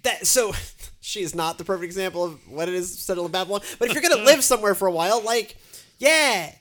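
A woman from Texas, a pastor co-hosting a podcast, talking in a chatty, animated way with many fillers and restarts. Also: medium pitch, fast. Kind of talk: casual chat.

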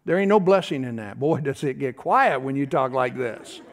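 A middle-aged man preaching a sermon in a folksy, animated way, tossing out asides to the congregation. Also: medium pitch, moderate pace. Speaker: pastor.

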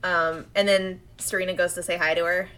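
A woman co-hosting a casual podcast chat, animated and laughing often as she acts out quotes. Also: lowish voice, brisk. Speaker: podcast co-host. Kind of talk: casual chat comparing anime versions.

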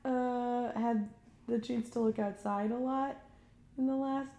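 A young woman in a relaxed podcast conversation, her voice sitting a little high. She tells anecdotes with giggles and plays out little quoted lines as she goes. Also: a little slow. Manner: chatty storyteller, giggly, acts out quotes. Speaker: podcast co-host. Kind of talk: casual chat.

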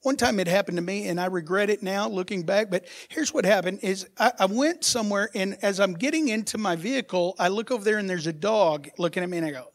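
A man preaching a sermon as pastor, asking his congregation rhetorical questions and swinging from soft asides to loud, emphatic bursts. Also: sits high, fast talker, few pauses.

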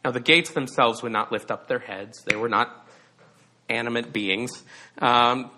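A man's voice: mid-range voice, steady tone, measured pace, sharp tone, a little hiss or hum. A man preaching a sermon as pastor, speaking earnestly and with emphasis, asking rhetorical questions.

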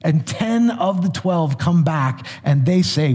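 A man's voice: fairly high pitch, animated, slow, few pauses, darkish tone. A male pastor giving a sermon, retelling scripture in an easygoing, conversational way with small restarts. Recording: long hall reverb.

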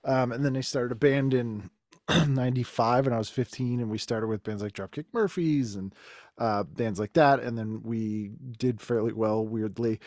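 Forties Boston guy, loose rambling storyteller, even mid pitch, dry sound. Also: normal speed, no room sound. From Boston area. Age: 40s. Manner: rambling, many fillers, laughs between phrases. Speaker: podcast guest, comedian. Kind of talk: casual chat.

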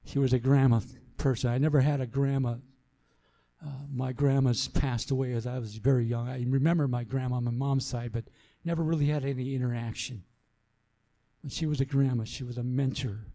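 A man's voice: medium pitch, steady tone, moderate pace, darkish tone. A man pastor giving an earnest sermon, repeating phrases for emphasis as he tells a story and then exhorts the congregation.

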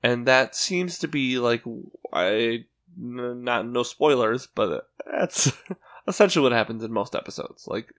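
Male podcast co-host, mid-pitched, rambling and animated, casual recap. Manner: rambling, animated retelling with quick put-on quotes. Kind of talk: casual chat recapping a cartoon.

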